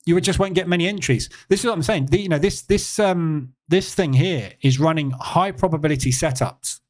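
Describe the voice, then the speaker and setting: A man hosting a live trading session, explaining in a relaxed, conversational way with fillers and emphatic repeats. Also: a little high, fairly quick. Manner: relaxed, conversational, answers chat questions; emphatic repetition with frequent fillers. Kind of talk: live-stream market commentary.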